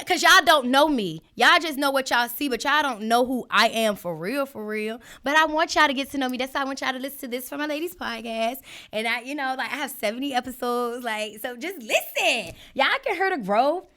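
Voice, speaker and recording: A woman hosting her podcast, ranting casually and animatedly to her listeners. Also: sits high. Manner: animated, talks straight to listeners with many asides. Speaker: podcast host. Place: home setup with listeners joining a live stream.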